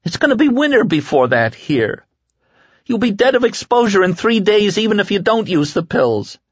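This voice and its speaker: A man voicing a young adult man who is desperate and near tears, in a high, strained, pleading voice. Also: big pitch swings, moderate pace, slightly rough, no echo, full character voice. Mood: upset. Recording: dull lo-fi dry recording.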